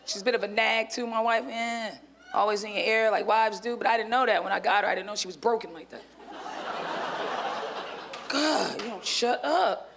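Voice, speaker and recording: A woman's voice: mid-range voice, steady tone, moderate pace, pauses often, background noise. A woman in her thirties doing a stand-up set on a club stage, with brash, crude and profane punchlines. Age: 30s. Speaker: stand-up comedian.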